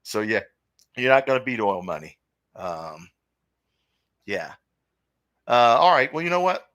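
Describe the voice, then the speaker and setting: Opinionated man with a bright, forceful voice. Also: mid-range voice, very animated, unhurried, no echo, clean studio sound. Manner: opinionated, rambling, reads chat comments aloud. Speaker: podcast host. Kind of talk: casual live-stream sports talk.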